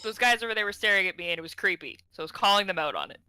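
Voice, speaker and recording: Brash, laughing woman with a bright voice. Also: medium pitch, racing, clean tone, no echo. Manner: brash, laughing, swears often. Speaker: player. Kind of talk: playing a tabletop game in character.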